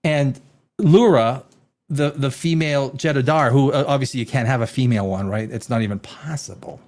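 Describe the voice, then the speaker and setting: A man's voice: medium pitch, normal speed, a little mellow. A man hosting a casual live-stream TV review, rambling and exasperated, with sarcastic asides. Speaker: TV show reviewer, host.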